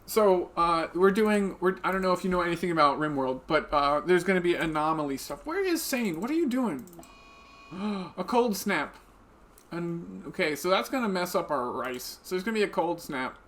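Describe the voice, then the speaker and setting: This man has a high-pitched, slightly bright voice and talks at a moderate pace. He's live-streaming a video game into a desk microphone, chatting and giggling with viewers as he plays in casual commentary.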